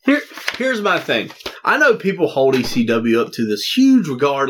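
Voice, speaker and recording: A man's voice: on the high side, big pitch swings, moderate pace, fairly bright tone, slight background noise. A man co-hosting a casual podcast, ranting with heavy swearing and crude mockery. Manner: profane ranting with crude mocking impressions. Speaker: podcast co-host.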